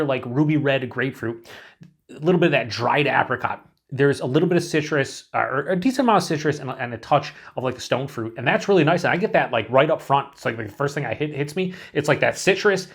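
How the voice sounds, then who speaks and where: A man from the United States talks through a beer review in a loose, unscripted ramble. He is enthusiastic and swears freely, and he leans on fillers as he hunts for the right words. His voice sits at an ordinary middle pitch. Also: creaky, slightly rough.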